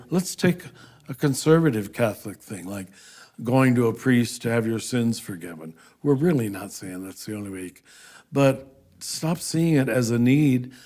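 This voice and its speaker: A Franciscan priest, a man, explaining theology in an unhurried, earnest conversational interview. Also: mid-range voice. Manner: earnest, animated, breaks into soft laughs.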